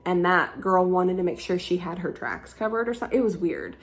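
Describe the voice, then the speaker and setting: A woman's voice: on the low side, very animated, a little fast. A young woman vlogger telling a story in a casual, chatty way, full of "like" fillers and the odd swear word.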